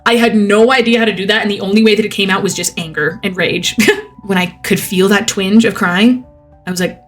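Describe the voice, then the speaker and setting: A woman's voice: mid-range voice, steady tone, fast talker, soft background music. Earnest young woman vlogging casually. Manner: earnest, frequent "like" fillers, laughs easily. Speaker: vlogger answering viewer questions. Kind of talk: casual reflective monologue.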